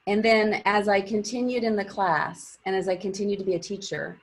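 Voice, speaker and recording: A woman's voice: medium pitch, steady tone, a little fast. A middle-aged woman teacher giving her class an earnest, encouraging pep talk through a personal story. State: teary.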